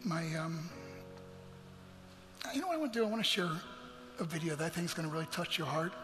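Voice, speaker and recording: A man telling an emotional personal story to an audience in a large hall, earnest and sometimes dropping to hushed near-whispers. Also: on the high side, lively intonation, fast. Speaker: motivational speaker. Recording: long hall reverb, faint music.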